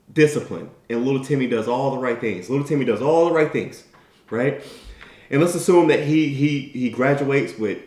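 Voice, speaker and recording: Brief: male motivational speaker, slightly high voice, punchy and emphatic, roomy echo. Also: darkish tone. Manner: emphatic, tag questions, storytelling. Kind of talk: motivational talk. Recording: echoey room.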